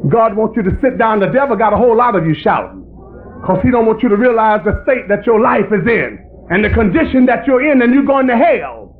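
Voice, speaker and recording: A man preaching a fiery sermon that rises into shouting. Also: high voice, expressive, brisk. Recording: tinny lo-fi recording with faint hiss.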